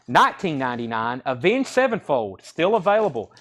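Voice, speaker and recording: A man hosting a live record sale, listing titles and prices in quick auction patter. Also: a little high, very animated, fairly bright tone, soft background music. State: out of breath.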